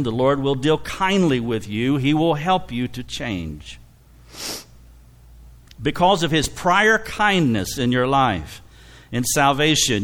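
Middle-aged male pastor, heartfelt sermon, tearful and warm with laughter. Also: mid-range voice. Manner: emotional, tearful storytelling with frequent laughs. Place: church.

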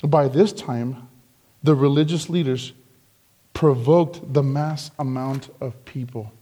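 A man preaching an expository sermon, slow and deliberate, growing emphatic when quoting the crowd. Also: medium pitch, fairly even intonation, warm tone, breathy edge. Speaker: pastor.

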